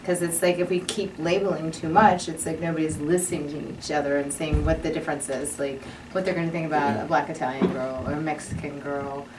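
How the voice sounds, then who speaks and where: A woman's voice: sits low, steady tone, a little fast, few pauses. A woman on a discussion panel, speaking earnestly, restarting her sentences as she works out her point. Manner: earnest, restarts, quotes imagined dialogue. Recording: distant mic, light noise.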